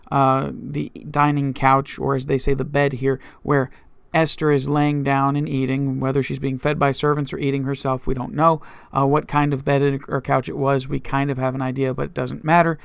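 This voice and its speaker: A male pastor retelling scripture as a story, full of restarts and filler words. His voice sits a bit high for a man, smooth and resonant with a gravelly fry, recorded close and dry. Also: a bit bright, no room sound. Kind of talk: Bible study teaching.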